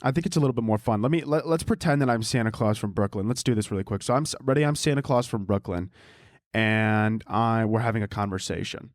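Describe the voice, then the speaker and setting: A man's voice: fairly low pitch, fast talker, no room sound, clean studio sound. A man in his twenties hosting a podcast, rambling through a profane, self-interrupting comedic monologue. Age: 20s. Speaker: podcast host.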